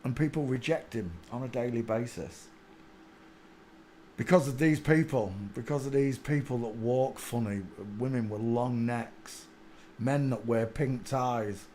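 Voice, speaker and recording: A man's voice: medium pitch, a little slow, darkish tone, slight background noise. Preachy man. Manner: preachy, insistent, with filler hesitations. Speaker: channel host. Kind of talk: ranting monologue.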